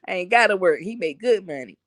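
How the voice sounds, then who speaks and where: A woman live-streaming in casual chat, telling profane, animated stories and talking to her viewers. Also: medium pitch, normal speed, dry recording, clean studio sound. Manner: talks to chat and reads comments aloud.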